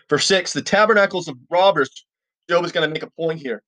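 A man with a voice pitched a little above average leads a podcast Bible teaching. He reads scripture aloud and then unpacks it in loose, everyday language, talking to his listeners in a friendly, informal way. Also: fairly quick, fairly bright tone, no room sound. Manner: reads scripture, then explains it in plain casual talk; informal, addresses listeners as "you guys".

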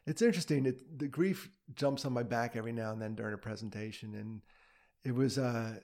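Gravelly middle-aged man, candid advocate. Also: medium pitch, fairly quick, a little mellow. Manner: candid, self-deprecating, laughs often. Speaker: mental health advocate and speaker. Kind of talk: casual interview conversation.

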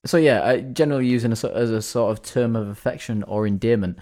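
A man's voice: mid-range voice, fast, warm tone. A man co-hosting a casual chat, reading out notes about where a phrase comes from, with chatty trailing restarts. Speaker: podcast co-host.

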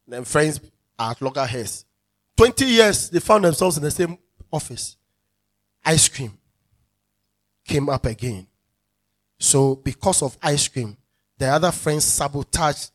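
A male pastor preaches a sermon in a slightly high voice, calling out to the congregation emphatically and repeating his key phrases.

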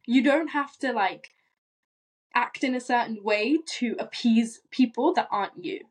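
A young woman with a British accent talks in a high voice on a podcast. She is animated and reassuring, laughing easily as she speaks. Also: a little slow. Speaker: guest, content creator. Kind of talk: casual podcast conversation.

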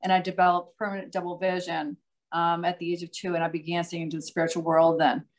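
A middle-aged psychic medium and author from outside Boston, Massachusetts, chats as a podcast guest with a light Boston accent. She talks earnestly and at length, with lots of "um"s and restarts. Her voice is on the low side, her delivery flat and quick.

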